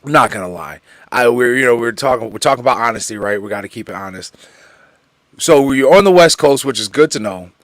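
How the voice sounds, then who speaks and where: Animated man co-hosting a podcast. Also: medium pitch, a little fast, no echo, studio quality. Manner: animated, repeats himself, slangy. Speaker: podcast co-host. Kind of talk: casual podcast chat.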